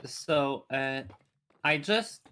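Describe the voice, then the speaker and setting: A man chatting casually over voice chat while gaming, halting often with filler sounds. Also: fairly high pitch, animated, pushed and bright. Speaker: friend on voice chat.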